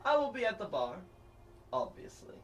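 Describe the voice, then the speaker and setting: A man's voice: high voice, wildly swooping pitch, moderate pace, voice pushed up. A man voicing Sir Pudgemore, a pompous portly nobleman, in a stiff formal manner. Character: pompous portly male noble, flustered suitor. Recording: distant mic, faint noise.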